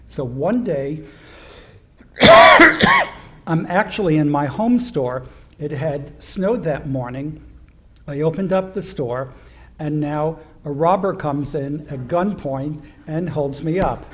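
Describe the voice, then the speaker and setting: A man's voice: on the high side, slow pace, pauses often, warm tone. A rabbi in his seventies giving a humorous anecdotal speech at a celebration, acting out the voices of people in his stories. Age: 70s. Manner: storytelling with humor, acts out quoted voices. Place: synagogue hall at an event.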